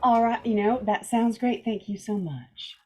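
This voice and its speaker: A woman's voice: a little high, unhurried, mellow. Easygoing chatty adventurer woman played by a woman, polite and rambling, tabletop game. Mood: friendly. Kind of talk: tabletop role-play.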